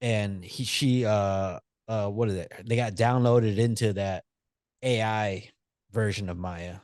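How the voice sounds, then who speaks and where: Slow and a little mellow, this man's lowish voice comes through a dry, clean studio recording. As co-host of a laid-back movie podcast, he swears freely, teases his friend, and muses aloud with frequent restarts.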